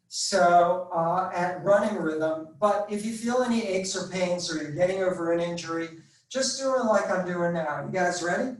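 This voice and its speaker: A male fitness instructor leading a live online workout class, counting reps aloud and giving step-by-step cues over a video call. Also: high voice. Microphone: video call computer mic. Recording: roomy echo.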